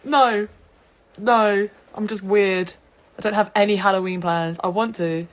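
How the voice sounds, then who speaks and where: A woman's voice: mid-range voice, fairly even intonation, unhurried. A young woman from England, chatting casually and giggling on an Instagram live stream. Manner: giggly and chatty, laughs often.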